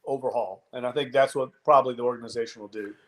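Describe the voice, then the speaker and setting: A man co-hosting a sports podcast, talking football in a measured, analytical way with frequent restarts. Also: medium pitch, fairly even intonation, a bit bright. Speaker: podcast co-host. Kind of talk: casual sports talk.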